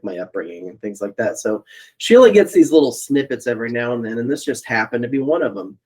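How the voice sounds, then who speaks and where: A man co-hosting a podcast over a remote call, telling a family story in casual chat and laughing often. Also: medium pitch. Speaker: podcast co-host. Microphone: remote call mic.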